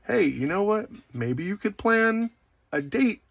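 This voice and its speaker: A man voicing God as a gentle male deity who gives marriage advice, on a dry, slightly dull recording. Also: high voice, big pitch swings, unhurried, vocal fry, no echo, pitched above the performer's own voice, heavily acted. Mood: advising.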